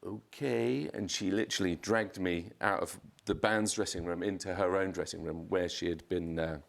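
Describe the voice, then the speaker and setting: A man, a podcast guest, telling a chaotic anecdote in casual chat, swearing and jumping up in pitch to act out quotes. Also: normal speed, gravelly. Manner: animated storyteller, swears, acts out quotes in a raised voice.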